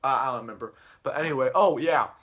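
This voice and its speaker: A man's voice: medium pitch, quick pace, a bit bright. A man casually retelling a comedy video, rambling and stumbling over his words. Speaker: YouTuber.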